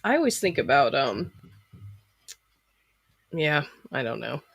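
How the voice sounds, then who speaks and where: Guest from Florida, light Southern drawl, bright tone, easygoing. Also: medium pitch, big pitch swings, takes it slowly, creaky, slightly rough, no room sound, studio quality. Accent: slight Southern US drawl from Florida. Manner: easygoing and unsure, hedges a lot. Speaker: guest, video maker. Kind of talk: casual conversation.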